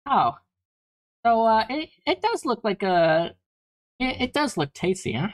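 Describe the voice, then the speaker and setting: A woman's voice: on the high side, sing-song, measured pace. A woman co-hosting a comedic podcast, stammering and flustered, often repeating her words. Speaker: podcast co-host. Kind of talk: comedic vtuber podcast banter.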